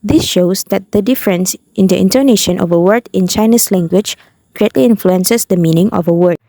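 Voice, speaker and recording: A young woman from Indonesia, a university student, narrating a prepared phonetics explanation in a careful, even reading voice. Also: mid-range voice, a little fast, no echo. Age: young adult. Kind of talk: scripted narration.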